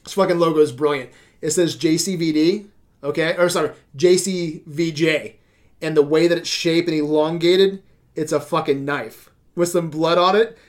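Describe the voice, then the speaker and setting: A man's voice: fairly high pitch, moderate pace. A man hosting a casual podcast chat, retelling a show scene by scene with lots of swearing. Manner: animated storytelling with swearing and laughs. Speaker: podcast host.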